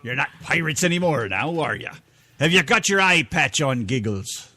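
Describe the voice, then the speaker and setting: A man's voice: a little high, lively intonation, moderate pace, sharp tone. A man from Kentucky, co-hosting a casual live internet radio show, joking and rambling while he looks for songs.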